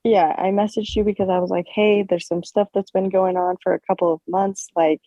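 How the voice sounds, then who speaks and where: A young woman co-hosting a podcast, telling a story in a casual, animated way, full of fillers and swearing. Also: mid-range voice, fairly quick, no room sound, lo-fi sound. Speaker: podcast co-host.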